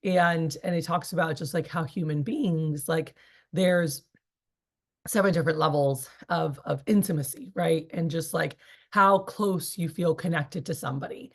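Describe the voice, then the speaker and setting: Woman, 30s, sales team leader; lower voice, casual and rambling training talk. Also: a little slow. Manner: chatty, rambling with many fillers.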